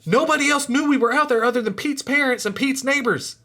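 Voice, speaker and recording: A man's voice: extremely high pitch, a little fast. A man telling a true scary story in a casual, rambling way, his voice rising and dropping for suspense. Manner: animated, rambling, voice rises and drops with suspense.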